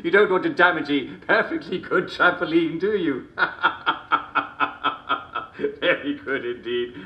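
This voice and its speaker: An actor playing a jovial, sinister English comedy show host in a video game, theatrical and chuckling constantly between jokes. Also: male voice, fairly high pitch, dull audio, exaggerated voice. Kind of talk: scripted video game character performance. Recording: roomy echo.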